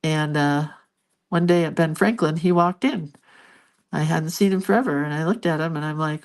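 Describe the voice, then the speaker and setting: Soft-spoken older woman chatting while she colors. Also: sits low, normal speed. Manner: rambling, chatty storytelling; soft, murmured asides. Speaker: art vlogger. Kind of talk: casual chat while coloring.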